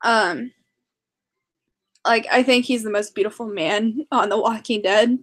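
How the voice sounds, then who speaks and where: A young woman vlogging casually to camera, rambling and excitable, with many fillers and restarts. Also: a little high, a little slow.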